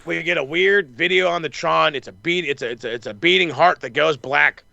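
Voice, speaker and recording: Gravelly, bright-voiced profane man. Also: on the high side, a little fast, dry recording, muffled recording. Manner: profane, excitable, acts out quotes. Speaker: wrestling podcast host. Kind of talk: casual recap chat.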